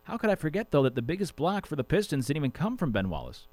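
A man hosts a sports radio show and talks through the day's talking points in a loose, rambling way full of joking asides. His voice sits a little high for a man. The sound is dry and close, with no room around it. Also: big pitch swings, fast talker, darkish tone, no echo, soft background music. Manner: chatty, rambling, jokey asides. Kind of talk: casual sports talk monologue.

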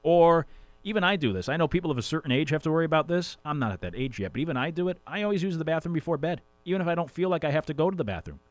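Man, sports radio host, casual monologue, chatty, fairly high voice, dry close mic. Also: animated, rapid-fire, dry recording. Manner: chatty, rambling, jokey asides.

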